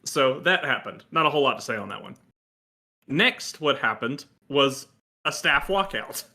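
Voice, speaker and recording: A man's voice: mid-range voice, expressive, moderate pace, sharp tone. A man co-hosting a casual gaming chat show, wry and joking. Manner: wry, joking, reads quotes aloud. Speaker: podcast co-host.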